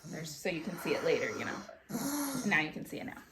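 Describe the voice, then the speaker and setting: A woman's voice: low voice, expressive, fast talker, noisy background. A woman hosting a book club, reading a storybook aloud to a child with chatty, playful asides.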